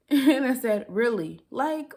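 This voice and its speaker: A woman's voice: mid-range voice, unhurried. A young woman telling a personal story in a casual, chatty way, laughing often and using dialect grammar. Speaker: storytime vlogger.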